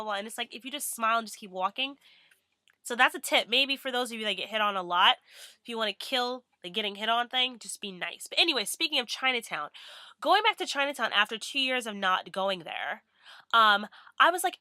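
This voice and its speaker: A woman's voice: medium pitch, bright, forceful tone, dry recording, clean studio sound. A young woman vlogging in a bubbly, rambling way with many fillers. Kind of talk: casual chatty vlog.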